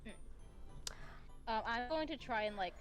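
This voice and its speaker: A woman playing in a tabletop game, chatting casually with a wry, relaxed manner. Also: on the high side, measured pace, soft background music. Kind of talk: casual chat.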